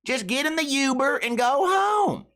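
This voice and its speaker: A man putting on a worn-out middle-aged mother who is exasperated and has heard it all before. Her voice rises high and pleading as she begs someone to just go home. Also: lively intonation, a little slow, a bit bright.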